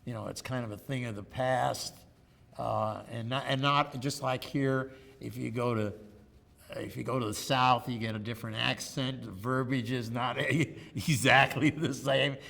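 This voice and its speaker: With a forceful, bright, gravelly tone, an older man recounts personal stories and jokes around in an oral history interview. His mid-range voice stays fairly even and moves at normal speed, recorded on a lapel mic in a reverberant room with faint ambience.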